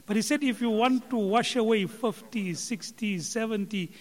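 A man's voice: sits high, moderate pace. A man delivers a sermon, stressing points by listing and repeating them. His voice rings out in a hall with a long echo. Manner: emphatic, repetitive counting for effect. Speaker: Islamic speaker. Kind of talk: sermon retelling a scholar's talk.

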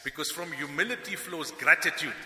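A man's voice: fairly high pitch, fairly quick. A man giving a sermon as a preacher, telling stories with animation and acting out the people he quotes. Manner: animated storytelling, acts out quoted speakers. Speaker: Islamic preacher. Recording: echoey hall with long reverb.

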